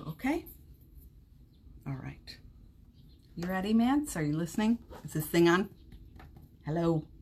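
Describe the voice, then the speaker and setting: A woman hosting a live-streamed motivational podcast from home, chatting warmly, laughing often and reading viewer comments aloud. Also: on the low side, a little hiss or hum. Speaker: podcast host. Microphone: streaming setup at home.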